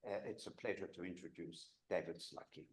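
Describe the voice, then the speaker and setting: A man introducing a guest speaker at an event, measured and a little hesitant. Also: low voice, steady tone. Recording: roomy echo.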